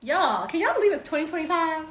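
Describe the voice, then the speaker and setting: Bubbly high-voiced woman, echoey room. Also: sing-song, noisy background. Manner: bubbly, drawn-out sing-song greetings. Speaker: livestream host greeting viewers. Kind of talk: casual livestream chat.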